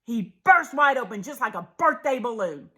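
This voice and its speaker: A woman reading a children's picture book aloud, expressive, with hushed asides to her listeners. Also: a little high, moderate pace, husky. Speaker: storybook reader.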